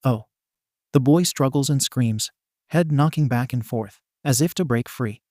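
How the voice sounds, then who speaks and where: A man narrating a first-person story aloud in a steady storybook voice. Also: medium pitch, moderate pace, no echo, studio quality. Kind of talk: reading fan fiction aloud.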